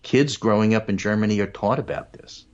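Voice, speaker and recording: A man with a very low voice tells political anecdotes in relaxed talk-show chat. He hammers his points home emphatically. The audio comes through a bit dull and muffled. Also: brisk. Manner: emphatic, storytelling, repeats points.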